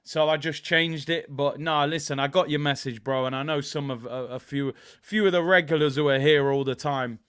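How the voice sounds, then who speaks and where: A young man hosting a live football watchalong, giving shout-outs to viewers and cheering loudly at goals. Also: fairly high pitch, smooth. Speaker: watchalong host.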